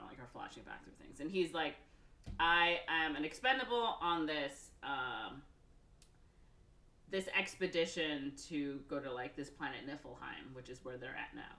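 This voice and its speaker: A woman co-hosting a podcast, casually retelling a film with many fillers and quick acted-out quotes. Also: low-pitched, fairly bright tone, echoey room. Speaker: podcast co-host recapping a film. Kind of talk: casual chat.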